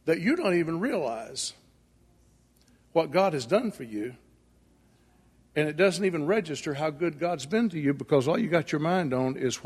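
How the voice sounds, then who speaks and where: A man's voice: fairly high pitch, slightly rough. A male preacher giving a sermon in a folksy storytelling manner, acting out the dialogue. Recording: echoey hall with long reverb.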